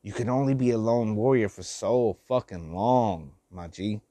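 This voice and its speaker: A man's voice: lowish voice, normal speed, warm tone, dry recording. Older guy preaching love and forgiveness, repeats himself, cusses a lot, dry close sound. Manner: heartfelt, preachy, repeats phrases, swears, slangy. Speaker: vlogger giving life advice. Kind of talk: emotional motivational monologue.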